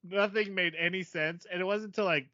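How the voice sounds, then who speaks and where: A man with a bright, forceful voice talks animatedly about an anime he watched, poking fun at his own wrong guesses. The sound is dry and close, with a slightly dull, lo-fi tone. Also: high voice, a little fast, no room sound. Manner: animated, self-deprecating, laughs often. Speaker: podcast co-host. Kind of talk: casual chat.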